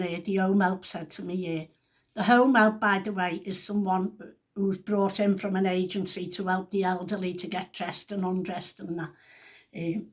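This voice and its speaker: A woman chatting animatedly in a casual, colloquial storytelling style. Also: medium pitch.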